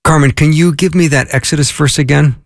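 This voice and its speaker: A man's voice: a little high, fairly even intonation, fairly quick, creaky, no echo, studio quality. A man hosting a podcast interview, asking short questions. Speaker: podcast host.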